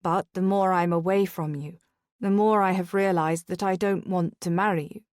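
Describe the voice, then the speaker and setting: A woman reading a romance audiobook, voicing a sincere young nobleman in a tender, slightly lowered voice. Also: fairly even intonation, moderate pace, a little mellow, no echo, clean studio sound, lightly acted. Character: earnest devoted young nobleman, a reformed rogue.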